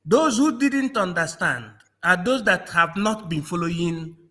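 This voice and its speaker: A man's voice: high-pitched, lively intonation, measured pace, fairly bright tone. A man from Nigeria in a political discussion, mocking and repeating phrases, laughing often. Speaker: panel guest.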